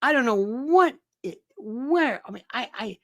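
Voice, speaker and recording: A man hosting a political commentary show, delivering an animated monologue full of rhetorical questions and exasperated repetition. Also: very high voice, unhurried, no echo, clean studio sound. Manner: exasperated, fires off rhetorical questions, repeats himself.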